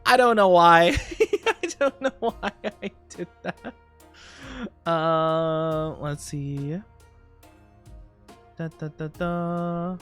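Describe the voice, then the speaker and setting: Woman streamer, loose giggly chatter full of fillers; clean, smooth tone. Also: fairly low pitch, extremely slow, pauses often, a bit bright, faint music behind. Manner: rambling and giggly, heavy on fillers. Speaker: VTuber streamer. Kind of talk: casual chat on a livestream.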